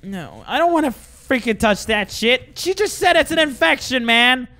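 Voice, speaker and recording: A young man with a very high voice gives let's-play commentary on a horror game. His pitch swings widely as he moves from jittery mutters to sudden profane outbursts, with "all right" after nearly every phrase. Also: moderate pace. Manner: excitable and profane, says "all right" constantly. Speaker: gamer playing a horror game.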